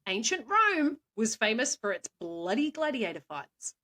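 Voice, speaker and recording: A woman co-hosting a podcast, playfully telling stories with quick asides and frequent laughs. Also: a little high, very animated, pushed and bright. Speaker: co-host, storyteller. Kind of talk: casual chat.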